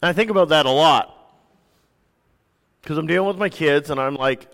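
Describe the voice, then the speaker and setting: A man in his thirties, a pastor preaching a sermon with relaxed, self-deprecating stories. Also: a little high, normal speed, creaky, long pauses. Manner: conversational, self-deprecating storytelling. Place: church sanctuary. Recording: reverberant church hall.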